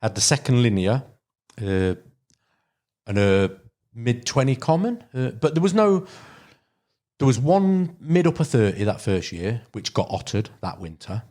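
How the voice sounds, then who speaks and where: Guesting on a podcast, a Derbyshire man who fishes for carp tells long, meandering angling tales with lots of fillers and false starts. He speaks unhurriedly in a sing-song, mid-range voice with a dark tone.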